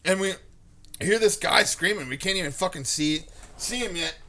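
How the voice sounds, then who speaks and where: A young man co-hosting a podcast, telling a profane story in casual chat and bursting into shouted impressions. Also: high-pitched, moderate pace. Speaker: podcast co-host.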